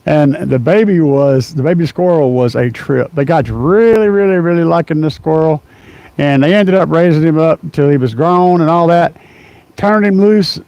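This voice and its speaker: Middle-aged male streamer, loose chatty rambler, slightly high pitch. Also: moderate pace, a little mellow, dry recording, lo-fi sound. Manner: rambling, rough-edged, laughs a lot, lots of fillers. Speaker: car audio livestream host. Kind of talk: casual live-stream chat.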